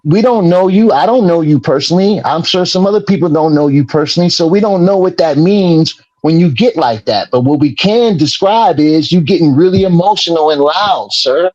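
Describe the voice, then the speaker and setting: A high-voiced man argues on an online group call, cutting in again and again to press his point. The audio is dull and muffled, with a dry, close sound and no room around it. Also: normal speed, few pauses, darkish tone, dry recording. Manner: interrupting, insistent, repeats "sir" and "hold on". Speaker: host. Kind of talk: heated debate call.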